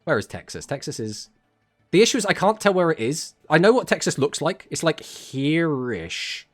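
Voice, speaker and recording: An English man casts a card tournament on a live stream and talks with his viewers. He jokes around and answers their messages, and his voice swoops up and down in pitch. Faint music plays underneath him as he speaks into a desk mic. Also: very animated, brisk. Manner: chatty and joking, reads chat messages aloud and answers them. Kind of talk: casual live-stream chat.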